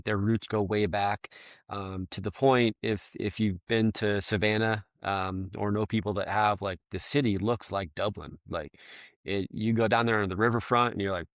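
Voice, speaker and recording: A man's voice: fairly low pitch, steady tone, measured pace, fairly bright tone, clear, resonant tone, no room sound, clean studio sound. A man talking as a podcast guest in a casual, rambling, self-deprecating way, laughing often. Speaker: guest, firefighter bagpiper.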